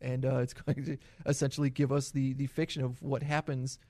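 A man's voice: medium pitch, little pitch movement, brisk, darkish tone, no room sound, studio quality. A man in his forties hosting a casual podcast chat, rambling and upbeat, often laughing. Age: 40s. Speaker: podcast host.

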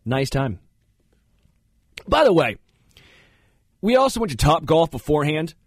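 Animated, rambling male talk-show host. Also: fairly high pitch, a little slow, slightly rough, dry recording, studio quality. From Kansas City area. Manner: rambling, animated storyteller who jumps into funny voices. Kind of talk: casual studio banter.

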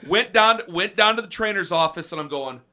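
A man's voice: sits high, a little fast. A man co-hosting a sports podcast, telling a story casually and acting out the quotes. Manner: animated, acts out quotes, shouts and drops to mutters. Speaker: podcast co-host.

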